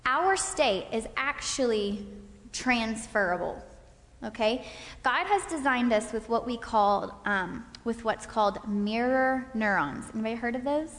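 A woman leading a faith-based parenting class from a stage, animated, acting out scenes and checking in with her listeners. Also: a little high, measured pace. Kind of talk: interactive faith-based lecture with volunteers. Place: stage in a large hall. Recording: hall reverb from a stage talk.

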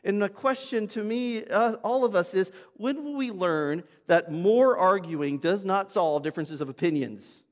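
High-voiced pastor in a reverberant hall. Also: male voice, a little slow, hardly any pauses. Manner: conversational, anecdotal preaching with asides to the congregation. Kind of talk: sermon. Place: church sanctuary. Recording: long reverb of a church hall.

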